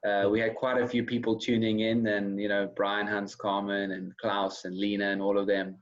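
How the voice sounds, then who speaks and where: Male host, fairly low voice, rambling and friendly, dull call sound. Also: level tone, normal speed. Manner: rambling, friendly, repeats himself. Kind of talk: casual interview chat.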